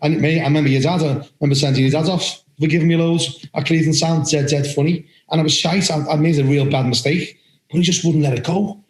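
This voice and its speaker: A man on a podcast, talking in a slightly high voice with lively, blunt storytelling. He swears casually. A roomy echo hangs around him. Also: quick pace. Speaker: referee podcast co-host.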